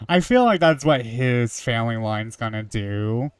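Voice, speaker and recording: A man reads a story game aloud and breaks off into wry, joking asides. His voice is smooth and clear. The sound is close and dry. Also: mid-range voice, expressive, unhurried, dry recording. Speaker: gamer.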